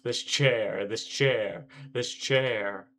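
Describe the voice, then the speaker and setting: A man's voice: fairly low pitch, extremely slow, pushed and bright, exaggerated voice. A man voicing an irritable teenage boy protagonist, reading his brooding first-person lines aloud from a visual novel. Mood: annoyed.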